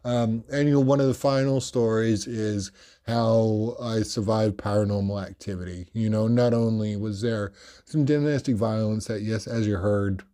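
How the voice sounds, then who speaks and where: A man with an Australian accent hosting a podcast, telling stories in a projected, animated and carefully clear voice, rambling with many fillers. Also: fairly low pitch, normal speed. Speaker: podcast host. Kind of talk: storytelling monologue.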